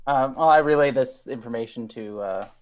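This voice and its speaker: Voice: mid-range voice, moderate pace, a little mellow. A player in a tabletop game, taking the science officer's part, who talks casually and jokes sarcastically. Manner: sarcastic, joking.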